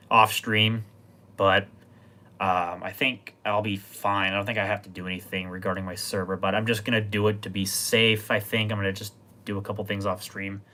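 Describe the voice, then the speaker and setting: A man hosting a casual livestream about computer gear, talking in a rambling, relaxed way with lots of filler words. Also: lowish voice. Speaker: livestream host.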